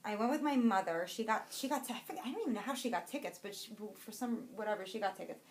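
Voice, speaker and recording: A woman's voice: a little high, animated, fast talker. Bubbly, rambling woman chatting yarn. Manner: bubbly, rambling, self-interrupting. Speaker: podcast co-host. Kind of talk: casual chat about a yarn haul.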